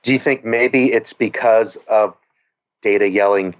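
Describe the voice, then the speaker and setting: A man in his late thirties, a podcast panelist talking casually with halting, enthusiastic fillers, heard over dull lo-fi call audio. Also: on the low side.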